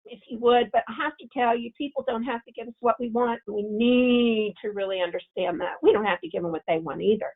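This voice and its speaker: A woman's voice: on the high side, gravelly. A woman giving a parenting webinar, explaining with example scripts and often restarting her phrases. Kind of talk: webinar talk. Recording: phone-like remote audio.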